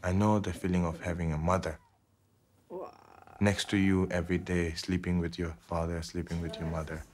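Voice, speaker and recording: A man in his thirties from India, speaking reflectively in a documentary interview, pausing often with fillers. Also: deep voice, level tone, a little mellow, slight background noise. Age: 30s. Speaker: interviewee, Tibetan Buddhist teacher.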